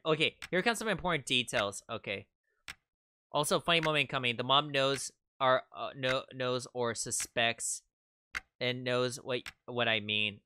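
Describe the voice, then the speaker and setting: Male streamer, relaxed pace, reads game text and reacts loudly with swearing. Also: medium pitch, a little hiss or hum. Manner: swears freely, excitable reactions. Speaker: VTuber streamer. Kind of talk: casual gaming commentary, reading game text aloud.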